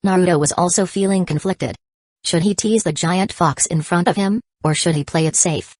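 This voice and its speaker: A woman narrating an audiobook in an even, steady reading. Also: fairly low pitch, normal speed, no echo.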